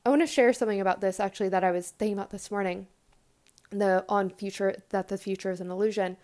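A young woman hosting a podcast, talking earnestly in a rambling casual monologue full of fillers and restarts, with animated quoted asides. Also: medium pitch, quick pace. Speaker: podcast host.

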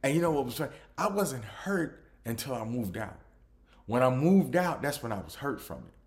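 A man's voice: medium pitch, moderate pace. A man hosting a podcast, telling a personal story casually with frequent restarts. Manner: restarts often, animated retelling. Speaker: podcast host.

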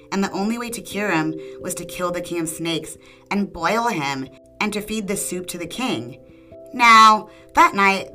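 A woman's voice: lowish voice, bright, forceful tone, rough recording. A woman hosting a storytelling podcast, narrating a folktale and giving the characters small changes of voice. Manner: reads dialogue with small voice changes. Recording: faint guitar music behind. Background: faint guitar music.

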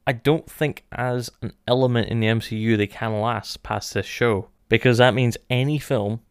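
A man's voice: mid-range voice, clean tone, dry recording, clean studio sound. A man, co-hosting a casual review chat, musing thoughtfully with many filler words. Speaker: podcast co-host.

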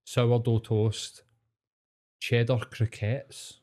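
A man's voice: mid-range voice, very slow. A man with a Glasgow Scottish accent telling a story in casual chat, swearing a lot and acting out the people in it. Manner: sweary, animated storyteller, acts out quotes.

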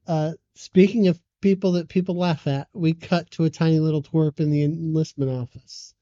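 A woman's voice: low voice, fairly even intonation, moderate pace, warm tone, dry recording, highs cut off. A woman co-hosting a casual movie podcast, dryly recapping the plot. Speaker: podcast co-host.

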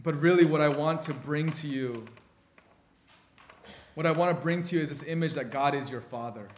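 A male preacher with a somewhat high voice, delivering a sermon as an animated story. He often breaks off and restarts his phrases, then presses his point home earnestly. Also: normal speed, a little hiss or hum.

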